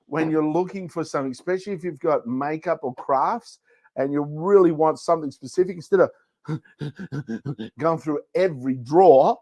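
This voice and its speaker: A man demos products on a casual livestream, joking and rambling as he goes. His voice sits fairly high for a man. The sound is close and dry, with no room echo. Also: darkish tone. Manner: playful, jokey, rambling. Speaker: livestream shopping host. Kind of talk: casual product demo chat.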